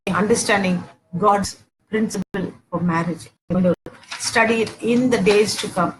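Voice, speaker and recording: A woman's voice: medium pitch, background noise. A woman in her forties giving a teaching sermon on Christian marriage, repeating points and saying "okay" often, acting out household arguments. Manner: repeats herself often, peppers talk with "okay", acts out domestic quarrels.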